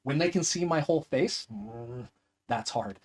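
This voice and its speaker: A man from the United States, an actor talking in a casual interview, animated and self-deprecating. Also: on the high side, measured pace, breathy edge. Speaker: actor and guest.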